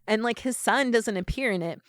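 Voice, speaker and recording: Brief: young woman, podcast guest, animated storyteller, filler-heavy, dry close mic. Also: a little high, brisk, no room sound. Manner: animated storyteller, acts out quotes in voices; many fillers like "like" and "you know". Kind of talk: casual chat.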